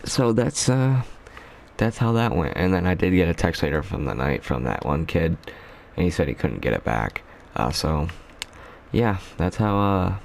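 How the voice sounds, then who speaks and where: Low-voiced guy rambling through a storytime. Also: vocal fry, a little hiss or hum. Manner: rambling, slangy, lots of fillers. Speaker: YouTuber. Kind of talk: casual storytime vlog.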